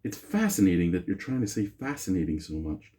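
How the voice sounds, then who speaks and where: A deep-voiced man hosts his own beer review, talking in a low register. His delivery is chatty and rambling, full of self-mocking asides. His intonation swings up and down freely, and he is picked up by the camera's own mic. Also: sing-song, a little fast, mellow. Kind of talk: casual solo review vlog. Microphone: camera mic, no lapel mic.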